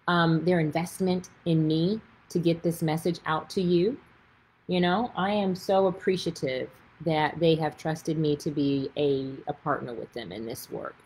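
Brief: Texan woman author, husky tone, chatty and gushing, casual livestream talk. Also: on the low side, poor audio. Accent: Texas. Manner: chatty and effusive, gushing with excitement. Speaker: author and faith speaker.

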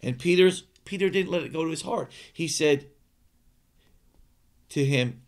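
A man's voice: fairly high pitch, expressive, normal speed. A male preacher giving an earnest sermon, emphatic and often repeating words as he speaks.

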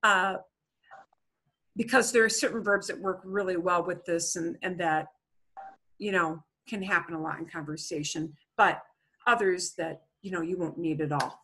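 A woman's voice: on the low side, steady tone, moderate pace, sharp tone, breathy edge. A middle-aged woman teaching an online Spanish class in a chatty, explanatory way, with many fillers.

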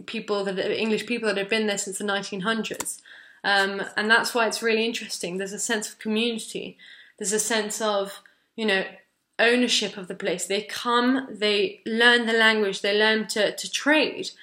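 Young woman who grew up in france, talking thru her research project off the cuff, bright sharp voice, kinda searching for words. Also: medium pitch. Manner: thoughtful, searching for words as she explains. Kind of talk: unscripted spoken presentation.

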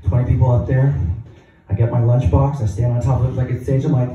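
A young man doing a stand-up set, telling profane, animated stories. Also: medium pitch, fast, distant mic, a crowd in the background. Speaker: stand-up comedian. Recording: echoey hall, mic heard from afar.

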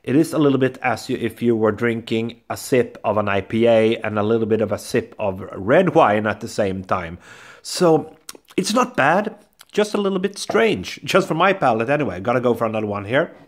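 A man's voice: on the low side, animated, brisk. A man hosting a casual beer review vlog, chatty and talking to viewers as guys, often saying "I would say". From Sweden. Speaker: beer reviewer, channel host.

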